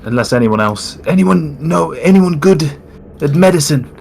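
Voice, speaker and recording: A man's voice: a little high, lively intonation, moderate pace, creaky, a little mellow, a little hiss or hum. A man, playing a tabletop game, jokey and teasing. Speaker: player.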